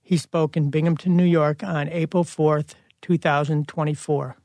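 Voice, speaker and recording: Guy w a higher flat voice, dry sound, just states the facts. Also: moderate pace, no room sound.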